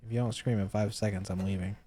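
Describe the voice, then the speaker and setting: A man's voice: lowish voice, steady tone, quick pace, dark tone, slight background noise. A man streaming a game live, chatting casually, calling out to the ghost and grumbling about game updates. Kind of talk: casual live gameplay commentary.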